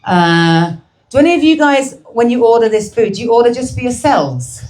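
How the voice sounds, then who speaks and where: A woman's voice: fairly high pitch, sing-song, normal speed, a little mellow. A woman performing a brash, crude stand-up comedy set, teasing the crowd at a live show.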